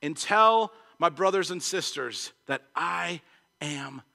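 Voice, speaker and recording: Jesus speaks low and soft in a bright, tender voice as a preacher quotes him, drifting back in a long hall reverb. Each word is hushed and reassuring. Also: male voice, animated, takes it slowly, gravelly, heavily acted. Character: gentle reassuring male Jesus.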